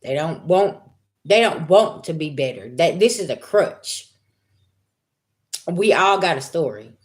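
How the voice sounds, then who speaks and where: A woman's voice: sits low, lively intonation, measured pace. A woman giving a blunt, profane spiritual reading to her viewers in casual talk. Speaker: spiritual reader.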